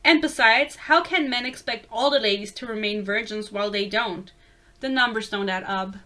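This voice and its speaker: A woman's voice: fairly high pitch, moderate pace, bright, forceful tone. A woman reading out the lines of a self-satisfied progressive male king in a mocking put-on southern drawl. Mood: smug. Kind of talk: sarcastic book reading.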